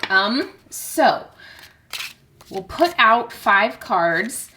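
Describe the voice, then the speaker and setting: Woman, book vlogger, casual chat, excitable, slightly high voice. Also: extremely slow, background noise. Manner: chatty, excitable, nervous giggles. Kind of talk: casual vlog chat to camera.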